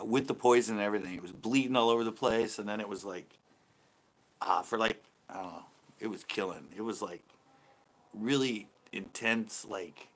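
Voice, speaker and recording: Middle-aged guy hosting a live stream, kinda low voice, laughs a lot, swears casual. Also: fairly bright tone.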